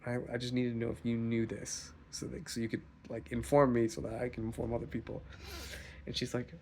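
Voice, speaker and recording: A young man vlogging, telling a rambling, profane story in a casual, animated way. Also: mid-range voice, fairly quick, a little hiss or hum.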